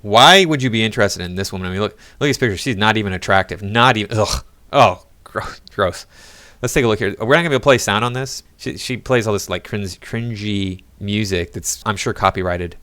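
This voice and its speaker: A man's voice: fairly low pitch, a little fast, sharp tone, dry recording. A man giving sarcastic, mocking commentary on video clips. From United States. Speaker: reaction commentator. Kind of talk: critical commentary over clips.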